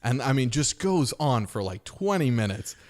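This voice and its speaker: A man's voice: mid-range voice, sing-song, moderate pace, a little mellow. A man in his thirties, a podcast host, telling a story in a casual chat and acting out the voices of people in it.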